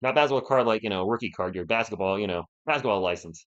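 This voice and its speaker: A man's voice: on the low side, fast talker, lo-fi sound. A man hosting a fan live stream, calling the game play by play and bantering with the chat. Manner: animated, partisan, banters with chat.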